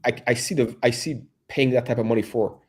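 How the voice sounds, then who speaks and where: A man's voice: mid-range voice, steady tone, brisk, breathy edge. A male guest on a casual livestream, talking hesitantly with many restarts.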